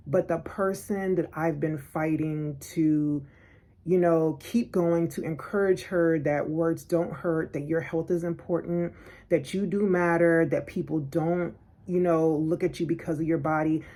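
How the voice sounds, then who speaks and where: A woman vlogger telling a personal story in an animated, indignant way, acting out what people said. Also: sits low, a little slow. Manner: animated, indignant, acts out quotes. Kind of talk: storytelling vlog.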